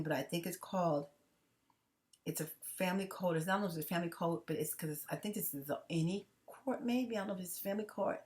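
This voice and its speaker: A woman vlogging straight to her viewers in a casual monologue. She rambles with restarts and repeats, curses bluntly, and swings from loud laughing bursts to hushed tones. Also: on the low side. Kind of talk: casual direct-to-camera monologue.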